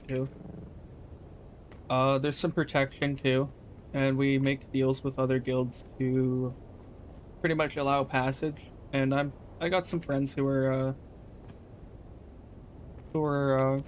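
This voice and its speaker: A man's voice: mid-range voice, flat delivery, a little slow, long pauses, slight background noise. Laid-back young man streaming a game. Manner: laid-back, swears casually, talks to chat. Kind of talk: casual live-stream chat.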